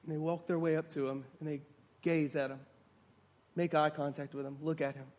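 A man's voice: a little high, level tone, brisk, a little mellow. A man preaching a sermon, retelling a story dramatically and acting out the voices of its people.

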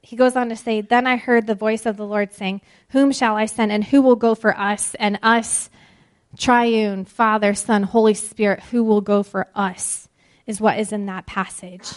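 A woman giving a devotional sermon in an earnest manner, slowing to stress key words. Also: mid-range voice, fairly even intonation, smooth. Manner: earnest, with emphatic slow pauses. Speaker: ministry speaker.

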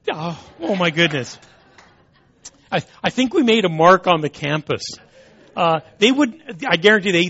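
A man's voice: on the high side, a bit bright, husky. A man who speaks as a Christian apologist, telling a humorous story and often repeating words as he goes, in a dull lo-fi recording.

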